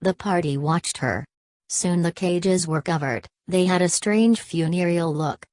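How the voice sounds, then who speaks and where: A woman narrates a novel in a steady, measured way. Her voice is low, and the recording is close and completely dry. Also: dry recording. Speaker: audiobook narrator. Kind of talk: scripted narration.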